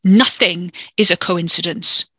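A man's voice: sits high, normal speed, pushed and bright, breathy edge, no room sound, full character voice. The narrator voicing a grieving young man who pleads with a breaking voice, then turns to snarling.

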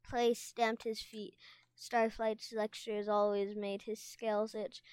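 A woman reading a children's fantasy novel aloud at a steady pace, with small stumbles. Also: mid-range voice, slow, clear, resonant tone, no echo. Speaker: reader.

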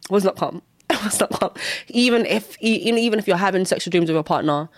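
A young woman giving a candid personal testimony in casual speech. She repeats herself often and breaks into sudden high exclamations. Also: steady tone, fast talker, no echo, clean studio sound. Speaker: Christian vlogger sharing testimony.

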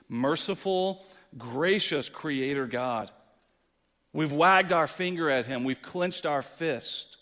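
Male pastor, impassioned sermon delivery, slightly high voice, long hall echo. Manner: impassioned preaching, swings from quiet to loud.

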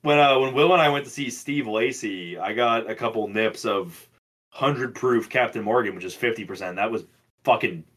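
A young man co-hosting a podcast, chatting casually in a loud, profane, animated way. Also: medium pitch, normal speed. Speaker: podcast co-host. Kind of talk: casual chat.

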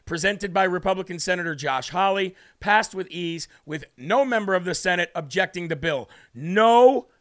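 A man's voice: high-pitched, expressive, normal speed, few pauses, a bit bright. A man hosting a live political commentary stream, talking in an emphatic, fired-up way and reading out comments from the live chat. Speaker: political livestream host.

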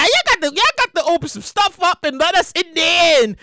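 Animated high-voiced ranting woman host. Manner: animated, ranting, swears freely, acts out people in quick voices. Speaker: podcast host. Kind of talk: casual comedic commentary.

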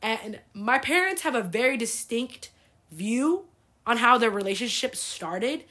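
Bright-voiced young woman, chatty storyteller. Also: a little high, lively intonation, measured pace. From United States. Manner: chatty, fills with "like", swears freely. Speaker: podcast host. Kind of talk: casual storytelling chat.

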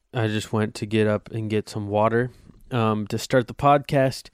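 A man's voice: on the low side, fairly even intonation, moderate pace, clear, resonant tone, no room sound, clean studio sound. A young adult man hosting a casual solo podcast, rambling with crude, self-mocking humor. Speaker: podcast host.

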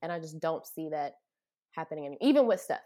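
A woman's voice: sits low, expressive, fast talker, dark tone. A woman co-hosting a casual sports chat, steering the topics and laughing along. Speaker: podcast co-host.

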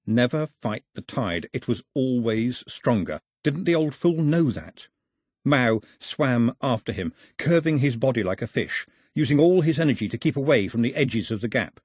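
A man narrates an audiobook in a husky, expressive voice. His pitch rises and falls with the action, and the recording is close and dry. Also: normal speed, dry recording. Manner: expressive storytelling.

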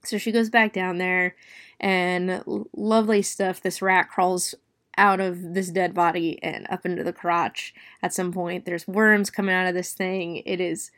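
A woman's voice: on the low side, measured pace. A woman reviewing a book, casually retelling a grim plot with lots of "like" and "you know.". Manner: chatty, with many "like" and "you know" fillers; expressive, dwelling on gory detail.

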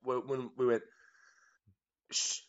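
Man, mid pitch, dull lo-fi recording, relaxed and explanatory, casual podcast chat. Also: slow pace, no echo. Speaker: podcast co-host. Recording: dull lo-fi mic.

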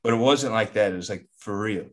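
A man's voice: fairly low pitch, fairly quick. A young man co-hosting a podcast, telling a story in casual, profane chat. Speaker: podcast co-host.

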